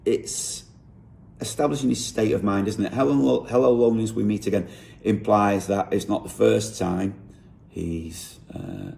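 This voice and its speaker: Low, gravelly-voiced man explaining his lyrics. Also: animated, a little mellow. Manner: thinking aloud, unhurried, with frequent self-corrections. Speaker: songwriter. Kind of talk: explaining how he wrote a song lyric.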